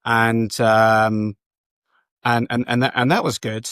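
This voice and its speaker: A man in his late forties from England, a guest on a podcast, talking in a relaxed, hesitant way with many pauses. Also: medium pitch, smooth, no echo, studio quality. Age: 40s. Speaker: guest, DJ and photographer. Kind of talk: casual interview chat.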